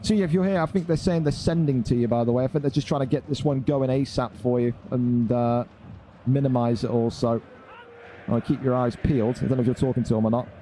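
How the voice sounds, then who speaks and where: Sweary stream host, mellow voice. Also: male voice, mid-range voice, steady tone, quick pace, slight background noise. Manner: blunt, sweary, ranting at chat. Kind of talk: casual live-stream commentary.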